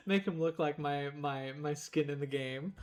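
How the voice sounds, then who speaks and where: A man's voice: a little high, animated, slow. A young man casually commenting on his building game, chatty and rambling, sometimes talking between bites of food. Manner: chatty, rambling, talks while eating. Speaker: gaming streamer.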